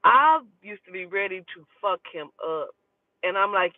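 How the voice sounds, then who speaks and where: A woman who does spiritual readings, telling a story in a casual, profane and animated way. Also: medium pitch, measured pace, no echo. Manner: profane, animated, talking to herself aloud. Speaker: spiritual reader. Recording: tinny phone-like dry audio.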